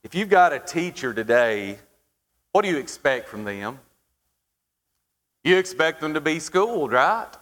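A man preaching a sermon, asking the congregation questions and pausing for emphasis. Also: fairly high pitch, big pitch swings, fairly bright tone. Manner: preaching with rhetorical questions and dramatic pauses. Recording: hall reverb.

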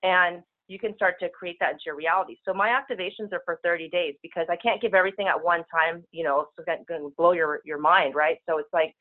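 A woman speaking as a spiritual healer guest, talking very fast in casual, rushing speech over a telephone call-in. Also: lowish voice, steady tone. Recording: tinny phone line.

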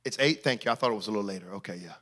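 A male pastor preaching a sermon, shouting in sing-song bursts and then dropping to quiet asides. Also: lowish voice, very fast.

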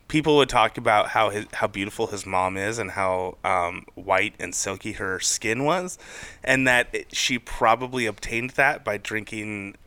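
Young male podcast co-host, casual and animated, bright forceful tone, dry close sound; jumps high when quoting people. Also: a little slow, dry recording. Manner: animated storyteller, acts out quotes with big pitch jumps. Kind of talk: casual chat.

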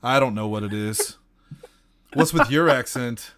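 A man's voice: mid-range voice, unhurried, fairly bright tone, slight background noise, natural voice. A man playing a vain, fed-up stage magician. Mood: flustered. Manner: whiny and self-important.

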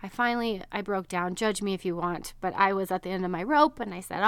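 A woman's voice: medium pitch, a little fast, hardly any pauses, smooth, no echo. A woman in her thirties hosting a podcast, talking candidly to her listeners in a chatty way and often laughing as she speaks. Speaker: podcast host. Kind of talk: personal chat to listeners.

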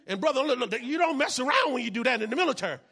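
A male pastor with a very high, husky and forceful voice preaches with fire. He bursts into shouts, hammers the same phrases again and again, and acts out the people in his stories. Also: expressive, rapid-fire. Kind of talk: sermon.

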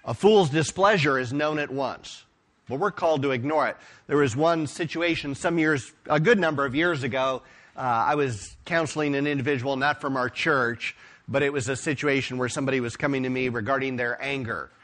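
A pastor preaching a sermon, retelling stories with emphatic, expressive delivery. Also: male voice, medium pitch, fairly quick.

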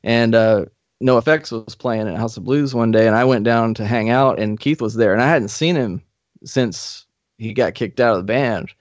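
A middle-aged man, a podcast guest, telling old band stories in a relaxed, profane, laughing way. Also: medium pitch, normal speed, no echo. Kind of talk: casual storytelling. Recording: slightly muffled dry studio recording.

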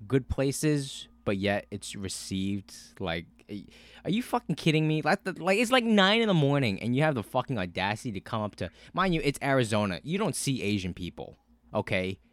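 A man telling a story in casual podcast chat, cursing a lot, with many fillers and animated bursts. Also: mid-range voice, fairly quick, no echo. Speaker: podcast co-host.

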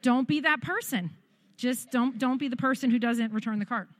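Lady pastor with a higher voice, lively funny story in her sermon, dry sound. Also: normal speed, no echo. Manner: animated, humorous storytelling.

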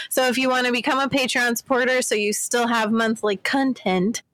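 A woman hosting a podcast in casual chat, upbeat and quick to laugh, who also reads out plugs for listener support. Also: mid-range voice, a bit bright, no echo, poor audio. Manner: upbeat, laughs often, announcer-style plugs. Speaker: podcast host. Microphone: remote call recording.

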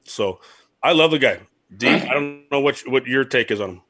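A man's voice: medium pitch, normal speed, soft background music. A man who hosts a casual sports talk show and once played pro baseball, rambling and mocking himself as he tells stories. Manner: rambling, self-mocking, animated storyteller. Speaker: podcast host, former pro baseball player.

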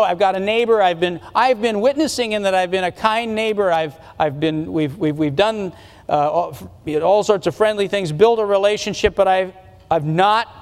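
A man with a high, light voice preaches a sermon, earnest and conversational, often stumbling and restarting as he goes. His words ring out with a long reverb through a church hall. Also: clear, resonant tone. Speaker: pastor. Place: church sanctuary.

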